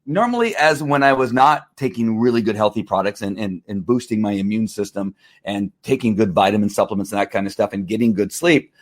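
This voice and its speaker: A middle-aged man talking casually to camera in a testimonial vlog, animated and full of restarts and fillers. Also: lowish voice, a little fast, hardly any pauses. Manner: animated, acts out angry outbursts, many fillers and restarts. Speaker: vlogger selling wellness products.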